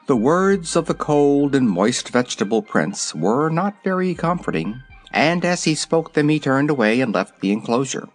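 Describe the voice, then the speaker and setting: Expressive man narrating a storybook. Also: medium pitch, normal speed, few pauses, soft background music. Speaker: audiobook reader.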